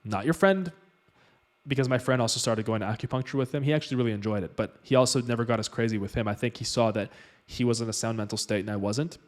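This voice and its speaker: A man's voice: medium pitch, fairly even intonation, rapid-fire. A man vlogging, retelling a personal story in loose, casual speech full of "like" and "you know".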